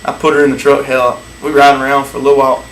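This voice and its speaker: A man's voice: medium pitch, flat delivery, very fast, a bit bright, a little hiss or hum. Crude storytelling man, echoey room. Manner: drawling, profane, laughs at own jokes. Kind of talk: crude comic date story.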